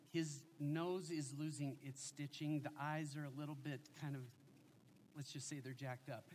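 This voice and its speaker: A man in his forties preaching a sermon as a pastor, telling family stories in an animated, joking way. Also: on the high side, slight background noise.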